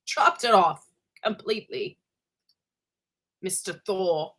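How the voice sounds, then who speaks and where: This livestream host has a mid-range, expressive voice with a bright, forceful tone, and she takes her time, leaving long pauses. She rambles casually, drifting into asides with lots of fillers and trailing thoughts as she welcomes viewers by name one by one.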